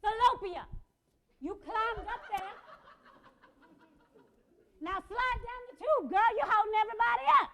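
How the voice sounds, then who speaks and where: A sassy, outspoken mother of five, played by a woman on stage rattles off her story in blunt streetwise slang. Her voice sits high and swoops up and down, full of attitude and animation. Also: sing-song, normal speed, long pauses, fairly bright tone, a little hiss or hum. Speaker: stage actress. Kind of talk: one-woman stage play.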